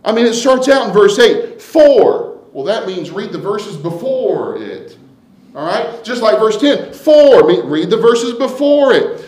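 Preacher man with a lively, echoing voice. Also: high-pitched, unhurried. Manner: dynamic preaching, swinging from hushed to loud and emphatic. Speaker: pastor. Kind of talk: sermon. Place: church sanctuary.

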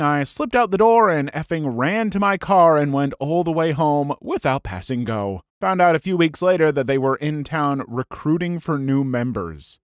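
Male reader for first-person stories; expressive, lively pitch, dry recording. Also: no echo. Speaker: story narrator.

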